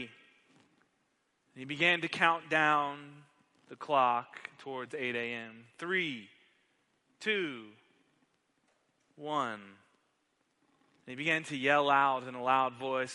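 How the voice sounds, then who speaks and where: A man's voice: medium pitch, fairly even intonation, takes it slowly, pauses often, pushed and bright, long reverb tail. A man preaching a sermon as pastor, telling a parable dramatically and building to emphatic questions.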